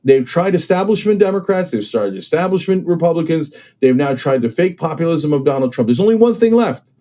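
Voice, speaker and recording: A man argues politics with emphatic, persuasive energy, tossing in "okay?" and "right?" to drive points home. His voice sits a bit high, yet its tone is dark and mellow. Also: very animated, brisk. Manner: acts out other people's voices when quoting them. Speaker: political commentator and guest. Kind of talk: impassioned political discussion.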